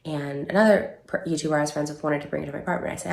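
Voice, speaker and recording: Low gravelly woman in an echoey room. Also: fairly even intonation, darkish tone. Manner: halting, many fillers and restarts. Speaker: online creator giving a statement. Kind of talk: emotional personal statement video.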